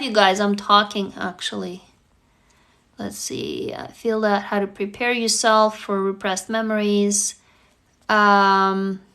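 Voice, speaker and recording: A woman's voice: on the high side, fairly bright tone. A woman hosting a casual live-stream on her phone, talking to viewers in an earnest, reassuring way, with many fillers. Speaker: livestream host answering viewers.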